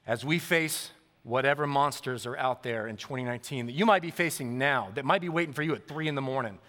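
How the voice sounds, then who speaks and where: Bright-voiced male pastor in a reverberant hall. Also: medium pitch, fast. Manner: lively, animated storytelling to a congregation. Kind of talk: sermon. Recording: long reverb of a large hall.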